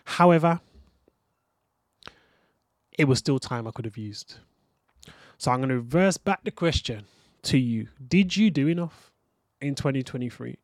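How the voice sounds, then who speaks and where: A man's voice: medium pitch, animated, a little slow, long pauses, no echo, studio quality. Earnest young man hosting a podcast. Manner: earnest, reflective, talks straight to the listener. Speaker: podcast host. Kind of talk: motivational podcast monologue.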